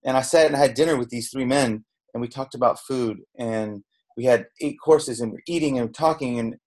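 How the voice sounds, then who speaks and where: In a casual podcast interview, a middle-aged chef from Southern California candidly tells his story at a moderate pace, his mid-range voice a little mellow. He rambles, restarts, and quotes dialogue, all picked up by a podcast microphone.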